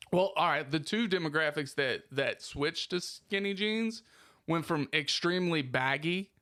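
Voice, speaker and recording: A man with a somewhat high voice co-hosts a casual podcast, blowing small annoyances out of proportion with heavy swearing. He is recorded up close on a podcast microphone. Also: animated, slow pace, sharp tone, no echo. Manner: ranting, exaggerated complaints, heavy swearing. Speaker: podcast co-host. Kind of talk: casual profane podcast banter.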